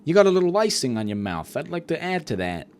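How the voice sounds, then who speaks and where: A man's voice: on the high side, very animated, fast, a little mellow. A man voicing a sleazy middle-aged mobster with a smarmy, leering manner.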